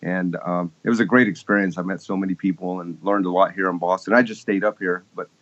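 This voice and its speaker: A man's voice: low voice, steady tone, fast talker, fairly bright tone. A man in his fifties from Texas, a guest musician telling stories in a casual interview, rambling and chuckling with many restarts. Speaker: guest keyboardist. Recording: slightly muffled lo-fi audio.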